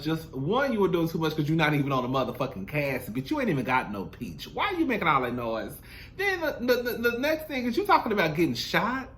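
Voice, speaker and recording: A man recapping a reality show with blunt, sassy commentary. His voice sits high and bright, and it swings widely in pitch as he talks to viewers. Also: brisk, a little hiss or hum. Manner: sassy, blunt, animated, calls viewers "girl".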